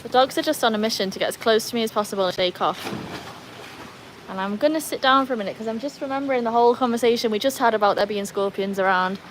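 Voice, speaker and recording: A woman from Wales chatting casually with livestream viewers outdoors by a pool, breaking off to scold and cheer her dogs in a high sing-song voice. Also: fast talker, slight background noise. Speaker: livestream host.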